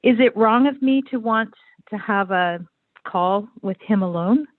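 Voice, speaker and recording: A woman's voice: mid-range voice, a little slow, no room sound. Hesitant older woman caller on a phone line. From Canada. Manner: hesitant, many fillers and restarts.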